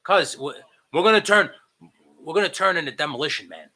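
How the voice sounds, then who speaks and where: A man co-hosting a podcast from home, talking in a casual, animated and profane way. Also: fairly high pitch, a little fast. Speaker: podcast co-host. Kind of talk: casual chat. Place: home, remote recording.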